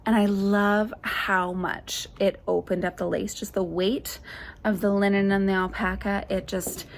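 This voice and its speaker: Chatty woman with gravelly fry. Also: mid-range voice, level tone, measured pace, a little hiss or hum. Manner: chatty, enthusiastic, rambling with fillers. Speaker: knitting podcast host. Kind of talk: casual show-and-tell chat. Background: faint birdsong ambience.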